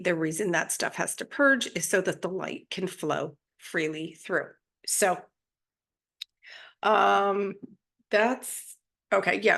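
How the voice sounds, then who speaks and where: A woman's voice: mid-range voice, fairly bright tone. A woman hosting a spiritual channel, giving a casual, chatty monologue and often checking in with her listeners. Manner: chatty, often adds tag questions.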